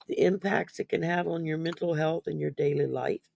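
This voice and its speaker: Raspy higher-pitched man, slow and rambling. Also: steady tone, a little mellow. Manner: rambling, hesitant, many ums and restarts. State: sleepy, yawning. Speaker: podcast host. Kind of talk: casual mental wellness discussion.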